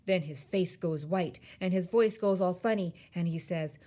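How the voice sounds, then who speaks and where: A woman reading aloud, voicing an excited, boastful young boy who tells his dream in broken grammar. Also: fairly low pitch, moderate pace, natural voice.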